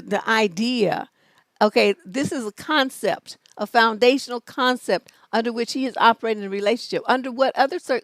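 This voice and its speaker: A woman's voice: on the high side, dry recording. A woman hosting a relationship advice show, scolding and emphatic, with plenty of swearing. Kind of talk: blunt live advice show.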